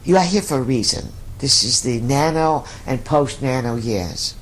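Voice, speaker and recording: A man's voice: mid-range voice, lively intonation, normal speed, fairly bright tone. A man speaking as a collective voice in a channeling session, using emphatic, repeated lists. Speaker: channeled speaker answering questions.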